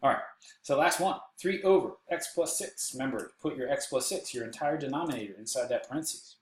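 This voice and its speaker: A man's voice: medium pitch, a little fast, echoey room, low-quality recording. A man with a Texan accent teaching a recorded math lesson while seated, with playful jokes and silly voices on the side. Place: indoors, seated.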